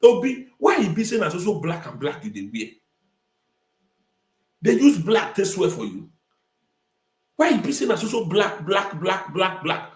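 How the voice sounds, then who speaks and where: A man's voice: high voice, sing-song, moderate pace, pauses often, reverberant. A man with a Nigerian accent hosting a talk show, ranting emphatically in a live-stream commentary and repeating phrases for effect.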